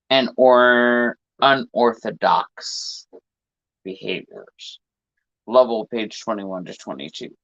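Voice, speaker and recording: A man hosting a podcast, reading a book aloud in a deliberate way and slowing down on hard words. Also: mid-range voice, a bit bright, dry recording. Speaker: podcast host. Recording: dull lo-fi dry recording.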